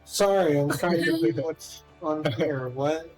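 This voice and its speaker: A man chatting casually with friends during a game, dropping dry, quiet wisecracks. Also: fairly high pitch, takes it slowly, loud music behind the voice, low-quality recording. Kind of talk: casual chat while playing.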